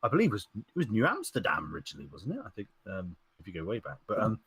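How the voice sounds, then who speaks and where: Chatty co-host, husky voice with lively pitch, wanders off topic. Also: male voice, very fast, no echo. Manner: rambling, digresses, laughs often. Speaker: podcast co-host. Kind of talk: casual chat.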